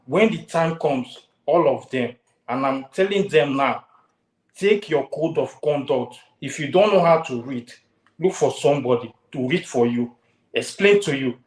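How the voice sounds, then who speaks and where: A man's voice: fairly high pitch, animated, measured pace, echoey room, low-quality recording. A man hosting a heated talk show, repeating his warnings with force.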